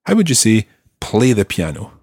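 A man hosting a language-learning podcast, explaining grammar patiently and clearly. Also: on the low side, huge pitch swings, moderate pace, a little mellow, no echo, studio quality. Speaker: language teacher and podcast host.

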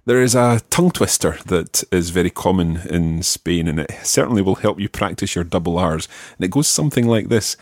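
A male language teacher with a low, gravelly voice that swings lively up and down as he explains. He models the sounds slowly and patiently and pokes fun at his own mistakes. The sound is husky and dry, close to the mic. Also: no echo. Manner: self-deprecating. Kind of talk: teaching pronunciation.

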